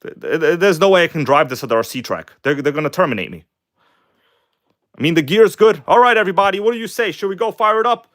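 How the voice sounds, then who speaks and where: A man hosting a casual live stream, chatting excitedly with viewers and reading their comments aloud. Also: high voice, fast talker. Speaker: RC car livestream host.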